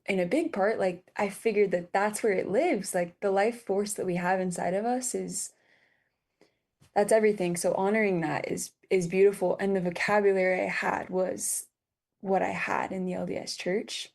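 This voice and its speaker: Her voice medium in pitch, steady and darkish, a woman in her twenties opens up about something personal on a podcast. She speaks in fits and starts, filling pauses and restarting often, and seems on the verge of crying.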